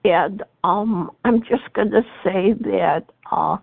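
A woman beginning a halting, grateful share at a recovery meeting. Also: mid-range voice, vocal fry, slightly rough, no echo. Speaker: meeting member sharing. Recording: tinny phone line, dry.

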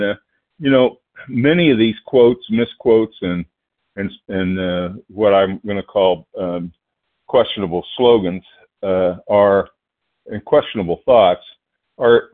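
Guest speaker, man, from Oklahoma. Deep voice, nervous, halting, keeps clearing his throat. Thin phone-line sound. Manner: halting, many fillers and restarts, clears throat. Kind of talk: phone-line recovery meeting talk.

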